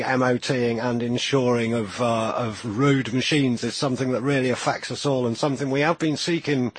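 Male interview host, husky voice, dry close sound, easygoing and measured. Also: mid-range voice, no echo. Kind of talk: interview chat on a live stream.

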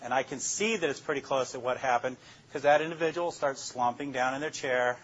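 A man's voice: medium pitch, brisk, a bit bright, muffled recording, slight background noise. An older man, a police detective, telling plainspoken stories about interrogations to a class and acting out his own lines. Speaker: police detective speaking to law students. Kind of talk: storytelling lecture.

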